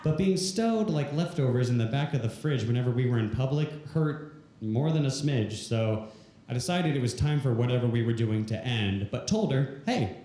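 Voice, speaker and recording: Comic telling a story in rhyme, roomy echo. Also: male voice, mid-range voice, animated, normal speed, dark tone. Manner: delivers story in rhymed verse. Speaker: stand-up comedian. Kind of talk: rhyming stand-up comedy. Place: live comedy venue stage. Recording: echoey live venue room.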